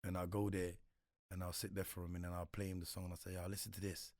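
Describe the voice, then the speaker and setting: A man's voice: sits low, level tone, very fast, a little mellow, dry recording, studio quality. A man, a guest in a casual interview, talking reflectively with slang and frequent repeats. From Congo.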